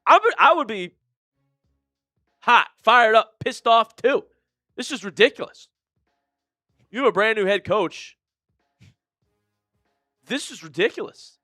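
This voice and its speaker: A man doing live play-by-play for a fan watch-party stream, swinging between shouted calls and low, disgusted muttering. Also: animated, measured pace, pauses often, dry recording, studio quality, faint music behind.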